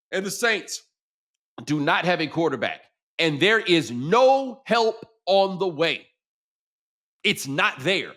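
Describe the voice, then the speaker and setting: A man's voice: high-pitched, sharp tone. A middle-aged man hosting a sports talk show, talking in a casual, slangy, conversational way.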